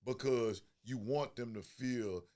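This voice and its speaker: A man's voice: mid-range voice, takes it slowly, warm tone. A man in a casual podcast discussion, speaking earnestly and agreeably about spending time with his kids.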